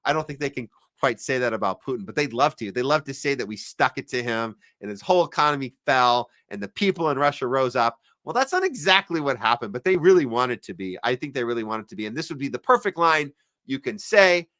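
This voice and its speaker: A man's voice: medium pitch, very animated, fast, fairly bright tone, no echo, clean studio sound. A man hosting a podcast livestream, chatting casually and reading out viewer comments with plenty of ums and jokey asides. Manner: rambling, lots of fillers, jokey asides. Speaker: podcast host.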